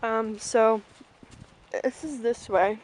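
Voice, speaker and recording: A woman's voice: fairly high pitch, steady tone, slow pace, slight background noise, rough recording. A young woman casually vlogging an outdoor farm tour on a handheld camera, chatting and calling out to her ponies.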